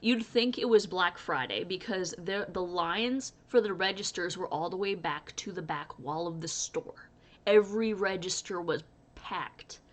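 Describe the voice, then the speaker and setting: A woman's voice: fairly low pitch, a little slow. Young woman chatting to her camera, tells stories, laughs a lot. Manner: chatty, storytelling, laughs often. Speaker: crochet vlogger. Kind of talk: casual chat to camera.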